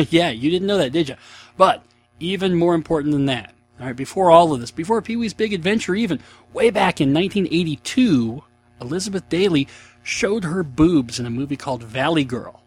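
A man's voice: on the high side, expressive, brisk, breathy edge, faint music behind. A man in his thirties hosting a casual solo podcast, chatty, rambling and self-mocking. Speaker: podcast host.

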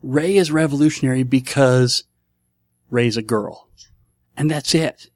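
A man's voice: medium pitch, a little slow, dry recording. A man from Nebraska hosting a casual solo podcast, enthusiastic and rambling, often repeating himself. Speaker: podcast host.

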